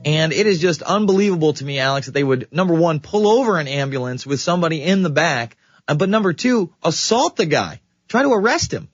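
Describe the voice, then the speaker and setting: A man's voice: fairly high pitch, lively intonation, a little fast, no room sound, highs cut off. A man co-hosting a talk radio show, leading the discussion in a conversational way and prompting the host with questions.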